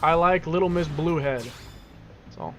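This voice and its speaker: Brief: young male streamer, laid-back and crude, a bit higher-pitched, bantering over gameplay. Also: moderate pace, over music. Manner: joking, swearing, teasing back at chat. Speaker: gaming streamer. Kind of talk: casual profane gameplay commentary.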